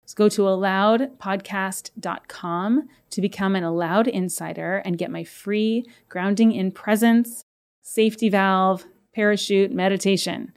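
A woman's voice: mid-range voice, steady tone, a little slow, clear, resonant tone. A woman hosting a self-help podcast as a coach, talking in an upbeat, playful way. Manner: upbeat, playful, acts out inner voices. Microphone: podcast microphone.

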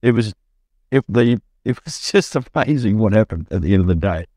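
A middle-aged Australian man, a buyer's agent, telling an animated anecdote on a podcast and acting out the quotes. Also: normal speed, no echo, clean studio sound. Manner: storytelling, acts out quotes with rising pitch.

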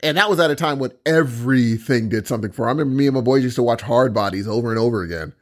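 A man's voice: mid-range voice, rapid-fire. A middle-aged man co-hosting a podcast in casual chat, joking and trailing off mid-sentence, a bit under the weather. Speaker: podcast co-host.

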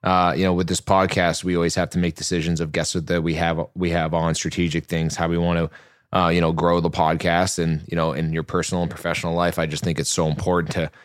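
Canadian male co-host, low and quick, chatty storyteller, dry studio sound. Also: flat delivery, dry recording. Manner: quick, rambling, lots of fillers. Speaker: podcast co-host. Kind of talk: casual podcast chat and storytelling.

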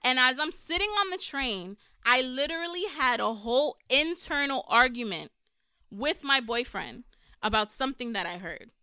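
A woman's voice: high-pitched, animated, normal speed, sharp tone, smooth, no echo, studio quality. A woman, a podcast guest chatting casually, frank and profane, telling stories with animation. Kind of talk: casual chat.

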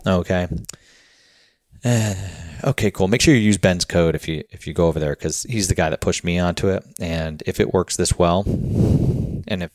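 A man's voice: low-pitched, normal speed, a little mellow, no room sound, clean studio sound. A man hosting a podcast, talking in a casual, rambling way full of filler words and sounding slightly out of breath. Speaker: podcast host.

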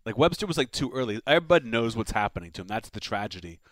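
Male comic co-host, rapid rambling riffs, dry close mic. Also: medium pitch, big pitch swings, a bit bright, no room sound. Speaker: podcast co-host. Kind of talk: casual comedic chat.

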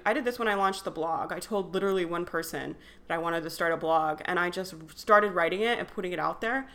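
A woman's voice: on the low side, fairly bright tone. A young woman hosting a podcast, talking in an earnest, encouraging way, chatty and full of fillers. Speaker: podcast host. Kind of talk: casual motivational monologue.

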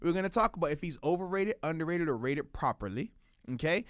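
A man's voice: fairly high pitch, animated, fast, fairly bright tone, no echo, clean studio sound. A man co-hosting a casual sports radio show, playful and hyped, laughing often.

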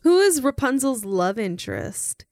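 A woman's voice: on the high side, big pitch swings, a little slow, crowd noise. A woman hosting a casual family trivia chat, playfully reading out multiple-choice questions to her children. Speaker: podcast host quizzing her kids.

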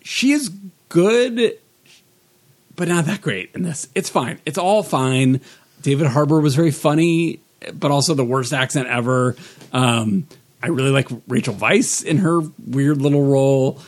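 A man's voice: mid-range voice, unhurried. A man co-hosting a casual pop-culture podcast, joking and dry, with many fillers. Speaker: podcast co-host.

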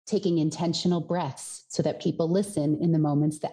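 A woman's voice: on the low side, normal speed, hardly any pauses, dark tone. A woman from Colorado who coaches voice and singing, explaining in a podcast interview and sometimes demonstrating with her own voice.

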